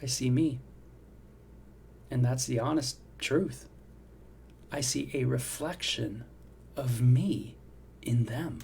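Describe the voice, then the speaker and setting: Warm-voiced man teaching a Bible devotional. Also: mid-range voice, slow, gravelly, pauses often, slight background noise. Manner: conversational, reflective, frequent "you know" and "right?". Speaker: devotional host.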